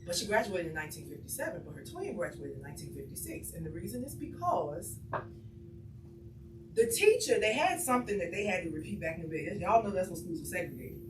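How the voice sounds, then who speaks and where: A woman's voice: lowish voice, big pitch swings, a little fast. A woman on a panel, a social justice advocate, telling a family story with humor and building to punchlines. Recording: echoey room from far off, noisy.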